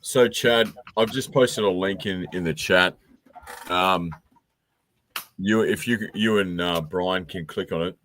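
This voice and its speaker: A man joining as a guest who speaks casually in a hesitant, halting way, often repeating words. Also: low voice, a bit bright, a little hiss or hum. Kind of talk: casual chat.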